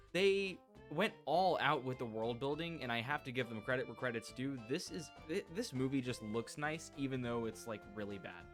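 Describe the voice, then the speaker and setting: A man talks through a casual video essay at an average pitch, chatty and wry, leaning on "like" as he goes. Soft music sits faintly behind his home-mic voice-over. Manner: chatty and wry, with many "like" fillers.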